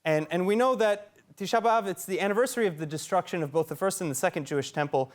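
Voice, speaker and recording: A man's voice: high voice, fast talker. A man anchoring a news debate, trying politely but persistently to interject and steer the discussion. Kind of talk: news moderation.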